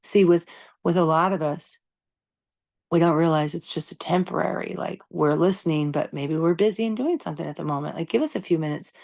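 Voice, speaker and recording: Candid woman with a lowish voice, emphatic. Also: brisk, vocal fry, a little mellow. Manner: candid, emphatic, swears freely; conversational, lots of "you know" and "right?". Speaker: podcast host. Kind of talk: casual monologue on parenting.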